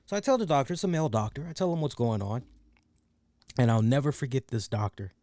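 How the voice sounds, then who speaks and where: A man's voice: medium pitch, animated, fast, mellow, dry recording, clean studio sound. A man hosting a podcast, telling a personal story in a frank, profane, casual way with many fillers. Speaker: podcast host.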